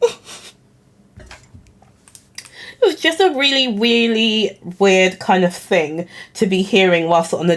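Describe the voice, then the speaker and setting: A young woman, telling a story casually to camera in a chatty, giggly, self-conscious way. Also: on the low side. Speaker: vlogger.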